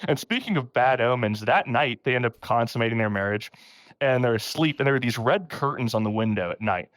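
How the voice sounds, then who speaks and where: Lively, laughing male podcast storyteller. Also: medium pitch, fairly quick, no room sound. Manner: animated, laughing often, acts out quotes in a raised voice. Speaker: podcast host.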